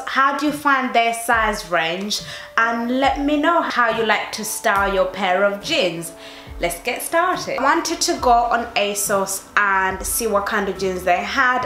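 A woman's voice: a little high, bright, forceful tone. A woman with an accent mixing London and Northeast English, talking casually and chattily to her viewers in a try-on haul. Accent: mix of London and Northeast English. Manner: chatty, addressing viewers directly. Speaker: fashion YouTuber. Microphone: camera mic. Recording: echoey room, faint music.

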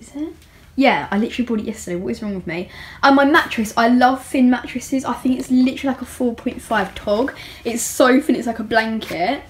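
A young woman vlogger chatting casually and rambling as she shows off her bedroom, with many fillers and giggles. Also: on the high side. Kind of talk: casual room tour.

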